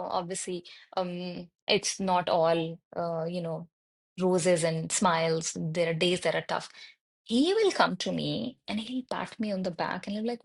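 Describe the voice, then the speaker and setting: A woman in her thirties, a podcast guest telling candid stories about raising her children in an unhurried, reflective way. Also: vocal fry. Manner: unhurried, reflective, voices her son's lines higher. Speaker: podcast guest, mother of autistic twins. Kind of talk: candid personal storytelling.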